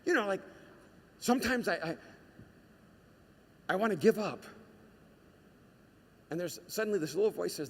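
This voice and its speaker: A male pastor delivering a dramatic sermon, moving between hushed storytelling and shouted urgency. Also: sits high, animated, normal speed, pauses often, slightly rough, long reverb tail.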